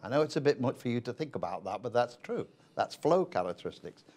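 Older guy, blunt anecdote-teller, plain mid-pitched voice. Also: fast talker. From England. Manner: blunt, lively storyteller. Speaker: interview guest, retired politician. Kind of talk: anecdotal storytelling.

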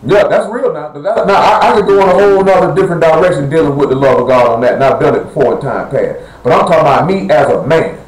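A man with a fairly high, expressive voice preaches to his congregation in a church assembly hall, speaking fast with hardly any pauses. His sermon is blunt and conversational, and he questions the listeners directly. The recording is rough and the sound is roomy.

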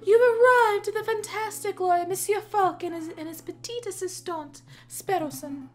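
A woman's voice: very high-pitched, normal speed, soft background music, pitched above the performer's own voice. A woman voicing an eager little sparrow assistant.

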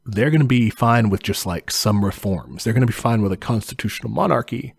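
A man with a somewhat low voice talks through history in casual podcast chat. He is laid-back, chuckles often and swears casually. The sound is dry and close, with no room around it. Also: lively intonation, brisk, vocal fry, slightly rough, no room sound. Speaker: podcast co-host explaining history.

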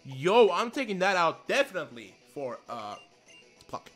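Young man, high bright voice, excitable, swears, gameplay commentary, faint music behind. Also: moderate pace. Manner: excitable, swears, apologizes a lot. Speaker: let's play gamer. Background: faint game music.

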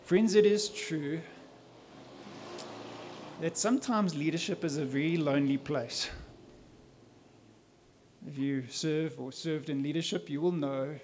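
Male pastor, slightly raised pitch, emphatic church sermon delivery. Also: unhurried, pauses often, a little mellow, slight background noise. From South Africa. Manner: earnest, emphatic preaching with rhetorical questions.

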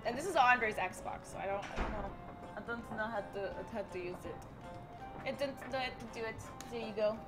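A young woman playing a game for the first time as a guest, chattering in a bubbly, excitable way. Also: on the high side, brisk, music in the background. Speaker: guest co-player. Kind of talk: casual multiplayer let's play chat.

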